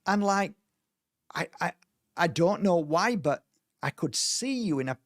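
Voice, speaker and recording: A man's voice: high voice, animated, unhurried, fairly bright tone, no room sound, clean studio sound. A man leading a spiritual healing workshop, talking earnestly in a rambling way with many restarts. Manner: earnest, rambling, with frequent restarts and mimicked voices. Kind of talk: informal spoken workshop talk.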